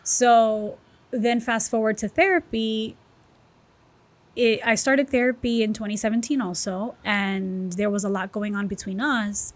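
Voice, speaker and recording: Woman podcast guest, candid and emotional, personal testimony, animated storytelling. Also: on the high side, measured pace.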